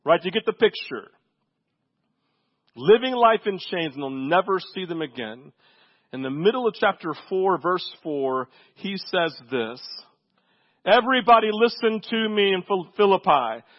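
An expressive, unhurried pastor with a fairly high voice preaches in a conversational style, often checking in with "right?" The sound quality is lo-fi.

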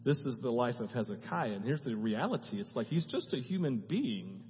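A man preaching a sermon as pastor, swinging from hushed tones to loud, fervent prayer and often asking the audience "right?". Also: medium pitch, big pitch swings, moderate pace. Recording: dull, echoey church hall.

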